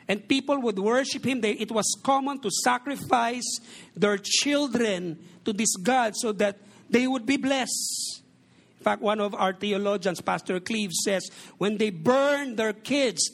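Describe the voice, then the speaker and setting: Joking Filipino pastor with a high, gravelly voice. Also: male voice, slow. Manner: joking, mixes Tagalog and English. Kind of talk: sermon.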